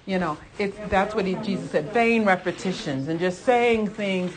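A woman's voice: fairly low pitch, normal speed, few pauses, crowd noise. Earnest woman leading a Bible study. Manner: earnest, repeats phrases, laughs often. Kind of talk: casual group Bible study discussion.

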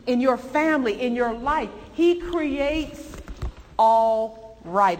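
A woman preaching a sermon and teaching a Bible lesson, animated and emphatic, her voice rising with feeling. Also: a little high, a little slow, big-room sound, slight background noise.

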